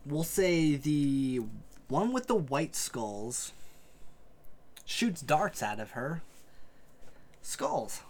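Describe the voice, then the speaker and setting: A man's voice: fairly high pitch, very animated, very slow, pauses often. A man running a tabletop game as game master, laid-back, casual and swearing often, with frequent hesitant ums.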